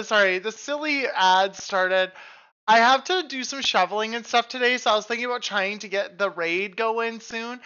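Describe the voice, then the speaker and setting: Slow-talking, high-voiced woman streamer. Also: bright, forceful tone, clear, resonant tone, highs cut off. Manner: chatty, reacts aloud and reads on-screen text; casual, swears freely. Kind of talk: live game stream chat.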